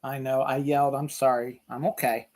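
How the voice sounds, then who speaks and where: A man's voice: mid-range voice, level tone, moderate pace, a little mellow. A man in his forties hosting a casual solo podcast from home, cursing freely, at times ranting and at times chatting easily. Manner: profane ranting, then easygoing chatter. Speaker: podcast host. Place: home room.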